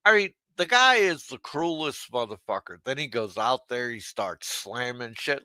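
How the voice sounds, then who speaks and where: A man's voice: medium pitch, animated, moderate pace, hardly any pauses, bright, forceful tone, no room sound. A man hosting a livestream, talking in a mocking, profane rant aimed at someone who is not there and laughing at his own jabs. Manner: talks straight to an absent listener. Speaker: livestream host.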